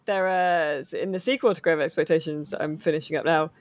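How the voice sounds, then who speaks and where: A woman's voice: low voice, fairly even intonation. A woman author, a podcast guest, talking casually with lots of fillers and restarts. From England. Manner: chatty, halting, many fillers. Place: lives in Cork, Ireland.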